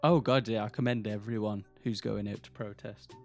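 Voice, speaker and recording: A man's voice: on the low side, fairly even intonation, normal speed, vocal fry, soft background music. Rambling British podcast co-host man. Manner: rambling, restarts sentences, swears casually. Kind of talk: casual chat.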